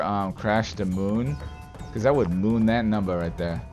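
This let's play gamer has a fairly low-pitched voice and speaks at a normal pace. He jokes around as he narrates his play, cursing and throwing out animated fits of fake rage over the game's music.

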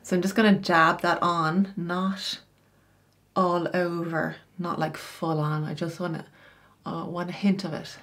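Middle-aged woman, style coach, lower-pitched voice; chatty tutorial delivery with offhand asides. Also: little pitch movement, measured pace, fairly bright tone. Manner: chatty, explains each step with casual asides. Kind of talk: makeup tutorial.

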